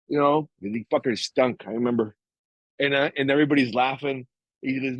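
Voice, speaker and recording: A man's voice: a little high, a little fast, no echo, rough recording. A middle-aged man co-hosting a podcast, telling a story casually with swearing and acted-out quotes. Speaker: podcast co-host. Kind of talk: casual chat.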